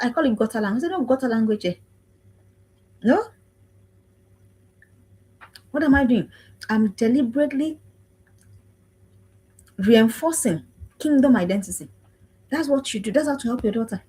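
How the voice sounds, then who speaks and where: Her voice sits high, mellow and husky, moving at a moderate pace with long pauses. A woman around forty from Africa, she preaches on parenting with emphasis, repeating herself and asking if people understand. The livestream recording is low quality.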